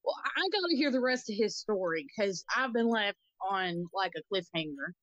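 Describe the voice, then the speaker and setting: A woman's voice: mid-range voice, lively intonation, moderate pace, fairly bright tone, dry recording. A female co-host casually and curiously prompting a guest to go on with his story. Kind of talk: casual chat. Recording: dull, dry sound.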